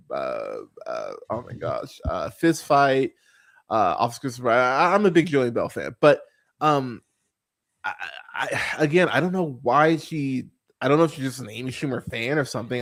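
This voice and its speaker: Podcast host guy venting about a bad movie, swears a lot, trips over his words, mid-range voice. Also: mid-range voice. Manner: exasperated, profane, emphatic; stumbles and repeats words. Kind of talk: casual movie review rant.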